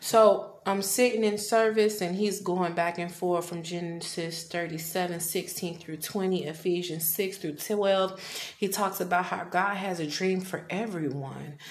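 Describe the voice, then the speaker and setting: A woman's voice: lowish voice, steady tone, measured pace. A woman in her thirties hosting a personal faith podcast, earnest and confessional, sometimes dropping to a whisper. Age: 30s. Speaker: podcast host. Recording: echoey room with faint background noise.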